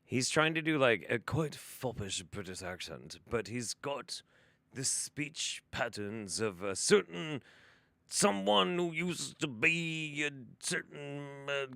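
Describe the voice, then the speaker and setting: A man's voice: medium pitch, pushed and bright, dry recording. A man hosting a live stream, reacting to a video with sarcastic, profane, mocking commentary.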